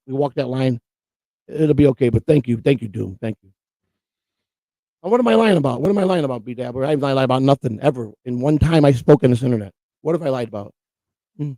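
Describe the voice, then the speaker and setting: A man's voice: mid-range voice, warm tone, no room sound. A man co-hosting a streamed morning show, ranting in a profane, repetitive and emotional way. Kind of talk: heated livestream rant.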